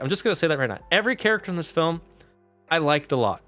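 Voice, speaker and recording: Casual male streamer, animated and chatty, smooth voice over faint music. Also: fairly high pitch, very fast. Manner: animated, chatty, talks to chat mods. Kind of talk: casual livestream chat.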